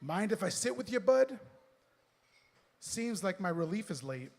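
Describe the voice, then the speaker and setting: A man voicing a nosy, pushy bus driver who talks in rough slang and scolds, read aloud on stage with a long hall reverb. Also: high voice, big pitch swings, measured pace, a little mellow, pitched above the performer's own voice, exaggerated voice.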